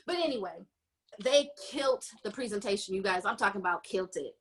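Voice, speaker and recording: A woman hosting a podcast, casually recapping a romance novel and acting out the characters' lines with animated storytelling. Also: medium pitch, a little fast. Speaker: podcast host. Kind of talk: casual book recap chat.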